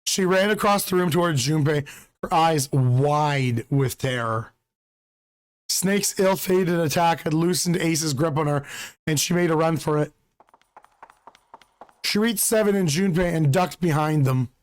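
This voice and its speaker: A slightly hoarse man hosting a channel, reading a game's story aloud at a steady pace. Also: on the high side, a little slow, pauses often. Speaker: channel host reading a visual novel.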